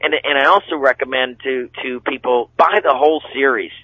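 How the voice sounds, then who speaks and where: A middle-aged man talks as a radio guest in a folksy, rambling way, full of fillers and little acted-out quotes. His voice sits at an ordinary middle pitch. The sound is dull and lo-fi, like an old radio broadcast. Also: a little fast. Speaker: seminar speaker and relationship coach. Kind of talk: guest talk on a radio show.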